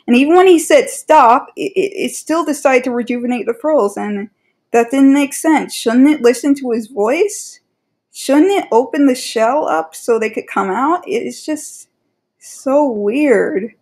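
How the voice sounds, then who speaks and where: A woman with a fairly high voice talks through her opinions in a rambling, exasperated way. She often breaks off and restarts her sentences, and fillers come up constantly. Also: animated, a little slow, a little mellow. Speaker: commentary creator. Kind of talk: casual opinion commentary.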